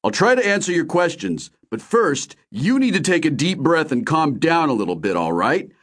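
A man doing a calm, soothing middle-aged man. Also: a little high, moderate pace, voice pushed up. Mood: placating. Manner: soothing, patient.

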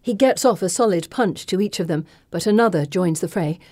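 A woman reading a first-person audiobook narration with an expressive, dramatic delivery. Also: on the low side, brisk, no room sound, studio quality.

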